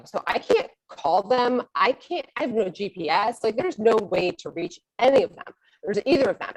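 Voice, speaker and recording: Middle-aged woman, storyteller, lively pitch, self-mocking, acts out her thoughts. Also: poor audio. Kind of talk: personal storytelling.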